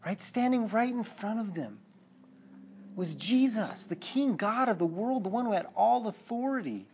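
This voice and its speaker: A man preaching a sermon, animated, acting out quotes and checking in with his listeners, dropping low and quiet at the sad points. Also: normal speed, slight background noise.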